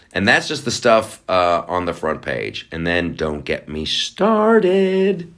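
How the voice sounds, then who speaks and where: A deep-voiced man talking through his own podcast in loose, rambling chat. His pitch swings widely as he drifts into sarcastic, playful asides. A guitar is heard faintly behind him. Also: huge pitch swings, slow, a bit bright. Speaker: podcast host. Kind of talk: casual solo podcast talk.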